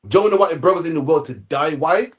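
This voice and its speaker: A man giving animated, slangy Bible study commentary, tagging "man" onto nearly every phrase. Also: on the high side, brisk. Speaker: Bible teacher.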